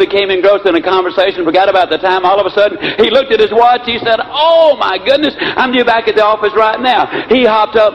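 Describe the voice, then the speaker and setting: A man gives a motivational speech full of folksy stories. His voice is high and quick, and his delivery is animated. The recording is muffled and lo-fi, with faint hiss behind it. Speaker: motivational speaker.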